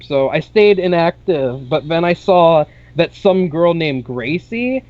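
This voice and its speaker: A man's voice: mid-range voice, lively intonation, a little slow, few pauses, dry recording. Young guy rambling through a story on a podcast, lotsa "like", swears casually, kinda muffled stream audio. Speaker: podcast co-host.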